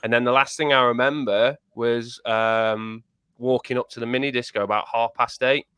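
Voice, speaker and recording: A man's voice: mid-range voice, steady tone, normal speed, sharp tone, clear, resonant tone, no room sound. A man, a podcast co-host telling a story in casual chat, laughing and swearing as he goes.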